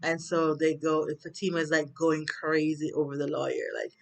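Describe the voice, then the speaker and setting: A woman's voice: low voice, expressive, moderate pace, hardly any pauses. A woman with a Jamaican accent chatting through a TV episode recap, rambling with lots of fillers. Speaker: TV recap vlogger.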